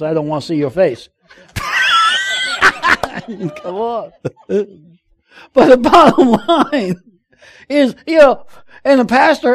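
A man preaching a sermon, telling funny personal stories and calling out to the congregation. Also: very high voice. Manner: lively, joking, calls out to the audience. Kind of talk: sermon with humorous storytelling.

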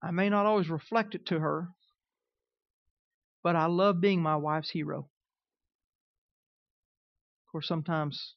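A man preaching as a pastor, swinging between loud, emphatic lines and quiet, conversational asides. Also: a little high, steady tone, slow pace, creaky, long pauses, no room sound, muffled recording. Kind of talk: sermon.

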